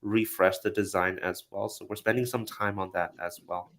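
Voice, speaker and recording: A man hosting a casual software product update, relaxed and full of fillers, with upbeat sign-offs. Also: lowish voice, normal speed, background noise.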